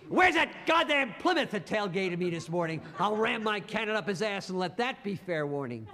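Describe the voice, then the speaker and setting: A man's voice: sits high, fairly quick, long reverb tail, pitched above the performer's own voice. A man voicing a reckless, gleeful fifty-six-year-old draftsman with a cocky drawl.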